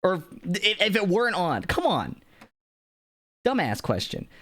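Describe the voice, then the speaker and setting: A man chatting casually on a live stream, animated and laughing, swearing freely as he talks. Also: sits high, unhurried. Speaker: streamer and video maker.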